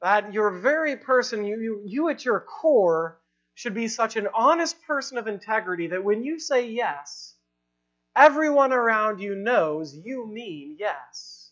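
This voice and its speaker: A woman preaching a sermon, stressing points by repeating lines and slowing into prayer. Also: a little high, lively intonation. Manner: emphatic, repeating lines for effect; ends in prayer with slow, drawn-out phrasing. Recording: dull, lo-fi recording.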